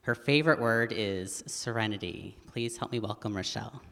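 A man's voice: lowish voice, moderate pace, vocal fry, a bit bright. Man giving a formal stage introduction. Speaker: writing teacher introducing a student. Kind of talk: scripted introduction at a public reading. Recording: long hall reverb.

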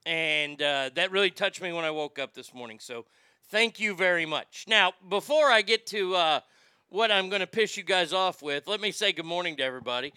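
A man hosting a casual morning live stream, reading out chat messages with loud, animated swearing. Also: high-pitched, normal speed, clear, resonant tone, no room sound, studio quality.

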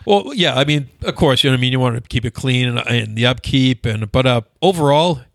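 A man on a casual podcast, telling stories in an animated way and acting out gym banter with swearing. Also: mid-range voice, a little fast, vocal fry, dry recording, studio quality. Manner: animated storyteller, acts out gym banter with profanity. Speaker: guest.

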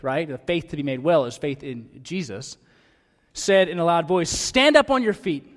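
Man preaching, high voice, animated sermon, long hall reverb. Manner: animated, acts out quoted voices. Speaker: pastor.

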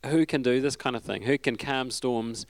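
A man preaching a sermon in a relaxed, conversational, storytelling way. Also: medium pitch, moderate pace, dry recording.

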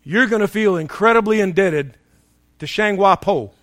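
A man preaching a sermon, emphatic and humorous, swinging between shouting and hushed tones as he tells stories. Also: sits high, expressive, normal speed, dry recording, studio quality. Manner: storytelling with humor.

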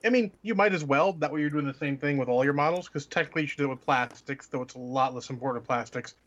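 A man's voice: medium pitch, fast talker, fairly bright tone. Sarcastic man, slightly muffled. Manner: sarcastic, blunt. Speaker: podcast co-host. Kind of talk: casual hobby chat.

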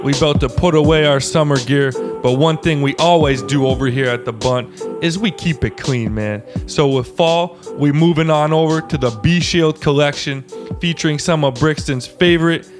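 Male co-host, laid-back slang, slightly high voice, faint music bed. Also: moderate pace. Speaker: podcast co-host. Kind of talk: casual chat and ad read.

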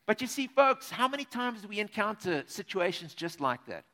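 Man preaching, chatty and animated, talks right to the folks, high bright voice. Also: moderate pace, hardly any pauses. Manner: animated, conversational, addresses listeners directly. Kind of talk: sermon.

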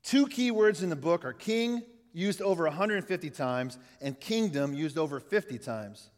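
A middle-aged pastor with a slightly high voice and lively intonation gives a conversational sermon at a moderate pace, putting questions to the congregation. He's in a church hall, and the recording has long hall reverb.

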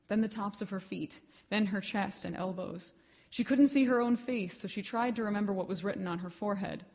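Woman reading her story at a lit event, measured, expressive, middle pitch. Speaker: writer reading her fiction. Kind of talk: live literary reading.

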